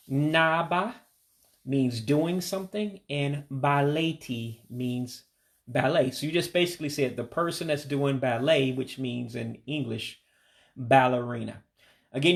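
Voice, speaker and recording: A man giving a patient pronunciation lesson, breaking words down and repeating them slowly. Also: mid-range voice, vocal fry. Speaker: language learner teaching vocabulary.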